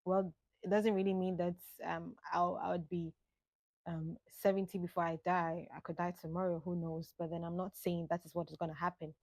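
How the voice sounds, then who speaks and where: A young woman in her late twenties talks to camera in a thoughtful solo monologue, her speaking voice sitting on the lower side. She drifts loosely from thought to thought. The sound is close and dry, with no room around it. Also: little pitch movement, darkish tone, no echo. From Ghana. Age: late 20s. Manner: musing, unhurried, drifts between thoughts. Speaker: vlogger. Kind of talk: reflective monologue.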